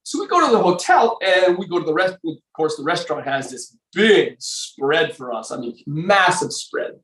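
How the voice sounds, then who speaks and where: An older man recounting old times as a podcast guest, his voice sitting a little higher than most men's. He rambles, circles back and restarts his sentences often. He sounds set back from the microphone in a roomy, echoing space. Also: very animated, normal speed, fairly bright tone, recorded from a distance. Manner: rambling, with many fillers and restarts. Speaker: podcast guest, former bodybuilder. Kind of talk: casual storytelling interview.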